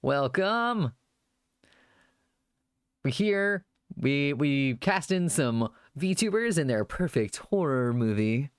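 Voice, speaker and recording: A man's voice: medium pitch, sing-song, slow pace, clean tone, no echo, clean studio sound. A man chatting casually on a live stream, rambling at length and thanking viewers as they follow.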